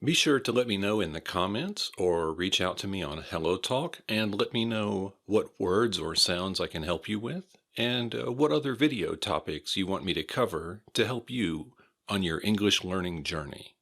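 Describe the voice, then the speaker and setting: A man's voice: low voice, animated, moderate pace, a bit bright. A man with an American accent teaching English pronunciation, repeating words carefully and spelling them out letter by letter. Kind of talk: slow, careful pronunciation drills.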